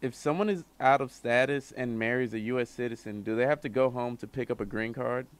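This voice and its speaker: A man's voice: mid-range voice, fairly quick, clear, resonant tone. A man co-hosting a radio show, reading listener questions in an easygoing, joking manner. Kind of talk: casual radio talk.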